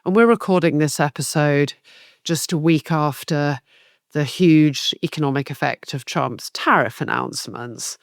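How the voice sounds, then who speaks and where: A woman's voice: sits low, measured pace, vocal fry, no room sound, clean studio sound. A woman co-hosting a political podcast, laying out her points in a structured, analytical way. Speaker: podcast co-host.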